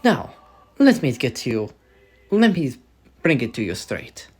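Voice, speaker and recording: A man voicing a sadistic young female mafia enforcer, with taunting, slow menace and an attempted mobster voice. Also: mid-range voice, huge pitch swings, darkish tone, heavily acted. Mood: menacing. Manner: smooth, taunting, attempted Italian-American mobster voice.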